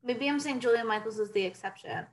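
A woman's voice: on the high side, fast talker. Rambling young woman in casual chat. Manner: rambling, restarts, reads aloud from her phone.

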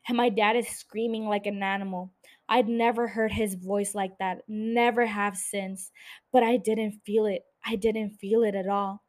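A woman reading the lines of a wounded woman who confronts the man who shot her, speaking in a measured, bitter way that turns forgiving. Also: mid-range voice, little pitch movement, darkish tone, lightly acted.

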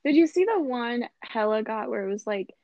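A woman's voice: a little high, lively intonation, mellow, dry recording, dull audio. Playful young woman podcast co-host. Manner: playful, self-mocking, quick jokes. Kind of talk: casual podcast chat.

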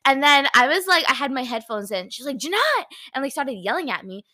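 Young woman, twenties, animated giggly storyteller, bright tone, dry close recording. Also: sits high, fast, no echo. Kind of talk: casual chat.

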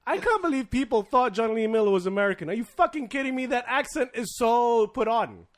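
A man's voice: extremely high pitch, lively intonation, a little fast. A man telling stories in casual chat, swearing a lot and laughing through his lines.

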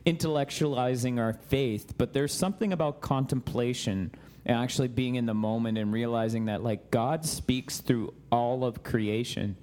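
A man in casual conversation about faith, telling animated stories and laughing often. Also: medium pitch, normal speed, faint music behind.

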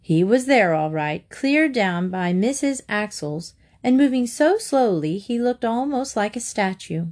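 A woman's voice: on the high side, unhurried, hardly any pauses. Woman reading a children's storybook. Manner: clear, steady storytelling. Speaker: narrator.

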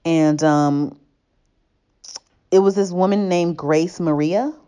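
A woman's voice: lowish voice, slow pace, dark tone, clean tone. A young woman in casual chat, rambling with many restarts and growing heated as she talks. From family from Tobago.

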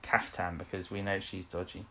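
A man's voice: sits low, little pitch movement, normal speed, a bit bright. A man co-hosting a podcast, recapping an episode in casual chat, laughing often and acting out characters' lines. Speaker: podcast co-host.

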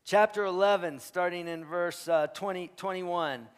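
Animated male pastor in a reverberant hall. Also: high voice, unhurried, clean tone. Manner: animated and emphatic, swinging from loud punches to quiet asides; joking, conversational asides to the congregation. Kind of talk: sermon.

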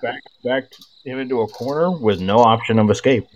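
A man's voice: mid-range voice, moderate pace, highs cut off, a little hiss or hum. A man co-hosting a casual podcast, adding short wry remarks. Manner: brief wry interjections. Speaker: podcast co-host. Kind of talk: casual political podcast chat.

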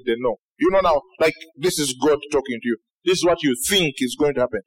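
A man preaching a sermon to a large congregation, animated, with shouted peaks and acted-out quotes. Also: fairly high pitch, fairly quick, few pauses, husky, poor audio. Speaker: pastor.

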